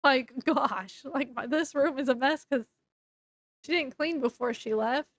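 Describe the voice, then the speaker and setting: A woman's voice: sits high, a little slow, no room sound. A woman casually retelling a novel's plot in a rambling, chatty way, full of fillers and restarts. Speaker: book reviewer. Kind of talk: casual book review recap.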